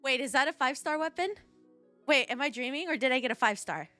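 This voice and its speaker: A woman streaming a game live, talking to her chat and breaking into excited squeals. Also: high-pitched, quick pace, faint music behind.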